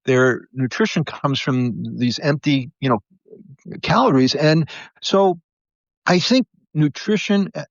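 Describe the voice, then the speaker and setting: A man's voice: mid-range voice, dry recording. A man speaking as a podiatrist guest in an interview, telling stories earnestly and animatedly, often restarting his sentences. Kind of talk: conversational storytelling interview. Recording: slightly muffled, dry.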